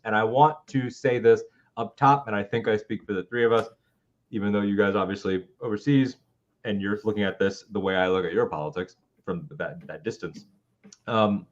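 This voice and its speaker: A man's voice: lowish voice, highs cut off. A man in his twenties co-hosting a live political talk show, ranting with heated, profane passion. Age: 20s. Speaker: co-host.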